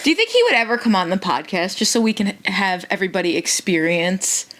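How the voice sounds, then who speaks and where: A woman's voice: mid-range voice, lively intonation, fairly quick, a bit bright. A woman co-hosting a podcast in casual chat, giving dry, teasing reactions and asking short questions. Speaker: podcast co-host.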